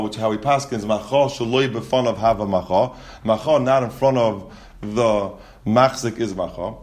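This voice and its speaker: A man's voice: mid-range voice, darkish tone. A man teaching a Talmud class. He reads the Aramaic text aloud and explains it in English, often restarting his sentences.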